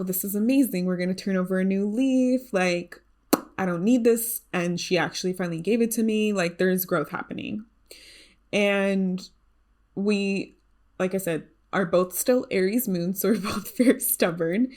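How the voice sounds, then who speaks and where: A young adult woman hosting a solo podcast, talking in an earnest, conversational way with many fillers and restarts. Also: medium pitch. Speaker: podcast host. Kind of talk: reflective solo podcast talk.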